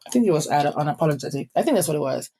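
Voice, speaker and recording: A young woman from the Caribbean with a Caribbean accent, hosting a motivational podcast and talking fast with quick asides. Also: low-pitched, expressive, mellow, husky. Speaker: podcast host.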